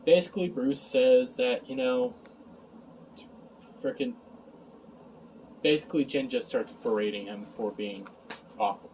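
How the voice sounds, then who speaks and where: A man's voice: medium pitch, animated, unhurried, vocal fry, long pauses, darkish tone, recorded from a distance, slight background noise, poor audio. A man recapping an episode in a casual review, sarcastic and exasperated, sighing and mocking the lines he quotes.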